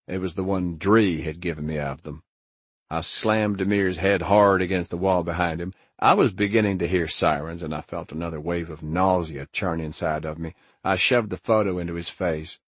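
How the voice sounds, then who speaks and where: A man with a very low, husky voice reads a first-person story in a grim, measured, hard-boiled way. The sound is dry and close, with no room around it. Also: steady tone, no echo. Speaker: audiobook narrator. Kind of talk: first-person scripted narration.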